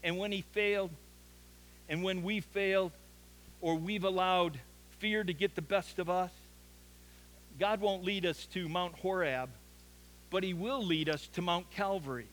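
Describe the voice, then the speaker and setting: A man's voice: high voice, a little slow, pauses often, fairly bright tone, poor audio. A man preaching an earnest sermon as a pastor, building to emphatic peaks.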